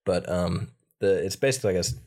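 A man's voice: sits low, a little fast, darkish tone. A young man co-hosting a podcast, talking in an easygoing, hesitant way with many fillers. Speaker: podcast co-host. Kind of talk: casual chat.

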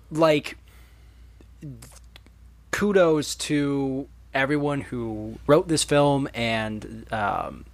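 A young man co-hosting a podcast, giving a relaxed, hesitant take on a film in casual chat. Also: medium pitch, no echo. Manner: relaxed, hesitant, full of fillers. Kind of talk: casual movie review chat.

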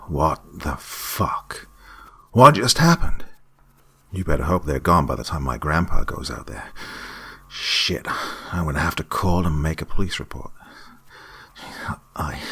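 A man's voice: rumbling low, animated, unhurried, creaky, pauses often, sharp tone, breathy edge, heavily acted. A man voicing a shaken, angry young man who swears and stammers, in a spoken horror story. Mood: rattled.

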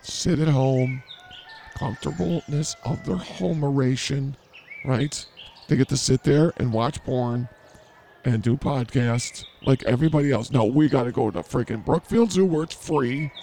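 A man's voice: medium pitch, normal speed, vocal fry, mellow, slight background noise. A man hosting an improvised comedy podcast outdoors at a zoo, teasing his co-host with mock outrage and rambling jokes.

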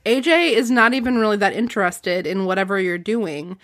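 A woman's voice: mid-range voice, fairly quick, fairly bright tone. A woman hosting a casual book discussion, chatting and reading passages aloud. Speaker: podcast host.

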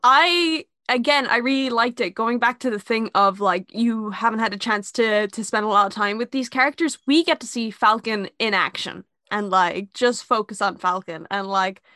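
A woman's voice: a little high, normal speed, few pauses, pushed and bright, dry recording, studio quality. A woman co-hosting a podcast, chatting casually about a TV episode, laughing easily and using fillers. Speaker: podcast co-host. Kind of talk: casual chat reviewing a TV episode.

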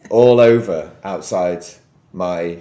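A man's voice: sits low, slow pace, dark tone, roomy sound, highs cut off. A young man telling a story on a podcast, rambling and laughing as he goes. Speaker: podcast co-host. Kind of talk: casual storytelling chat.

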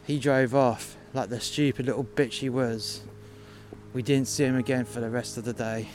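A man's voice: medium pitch, fairly even intonation, normal speed, a little mellow, slight background noise. A man telling a work story in a blunt, mocking, profane way. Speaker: podcast storyteller. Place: outdoors in freezing cold.

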